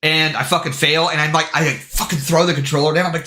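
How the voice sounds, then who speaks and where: Excitable swearing male streamer, echoey room. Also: a little high, fast talker, hardly any pauses. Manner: excitable, heavy swearing and filler words. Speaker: game streamer. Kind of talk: casual livestream storytelling.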